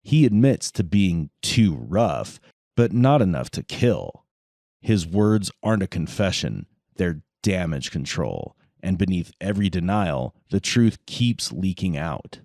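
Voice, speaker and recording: Deep-voiced man narrating true crime. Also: sing-song, unhurried, darkish tone, dry recording, clean studio sound.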